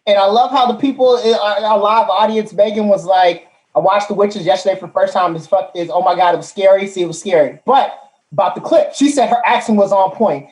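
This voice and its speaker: A man hosting a live-streamed comedy chat show, loud, profane and excitable. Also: high voice, fairly quick. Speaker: host. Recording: roomy echo.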